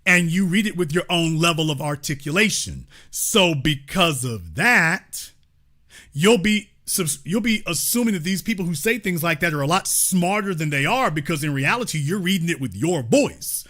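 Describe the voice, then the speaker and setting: A man's voice: on the high side, animated, moderate pace, sharp tone. A man hosting a call-in show, talking emphatically and mockingly with preacher-like repetition. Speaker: host. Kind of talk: live call-in show commentary.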